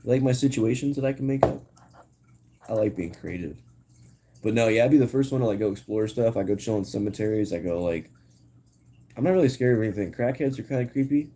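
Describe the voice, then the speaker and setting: Rambling slangy young man, low and dark. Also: fairly quick, slight background noise. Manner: rambling, slangy, full of "like" and "dude". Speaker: live-stream host. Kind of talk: casual chat with viewers.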